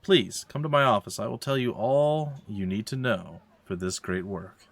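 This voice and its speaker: A man's voice: fairly low pitch, moderate pace, creaky, no echo. A man reading the lines of a loyal female fort chief, a stern swordswoman, in an earnest, formal way. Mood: relieved.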